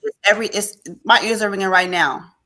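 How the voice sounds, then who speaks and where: A woman appearing as a guest on a podcast interview shares an emotional personal testimony, telling it with lively storytelling and acting out the dialogue. Her voice sits in the mid-range and moves a little fast.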